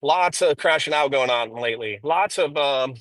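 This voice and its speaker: A man's voice: mid-range voice, moderate pace, a bit bright, no room sound, rough recording. A man streaming live while driving, rambling through profane drama commentary with frequent ums. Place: inside a car.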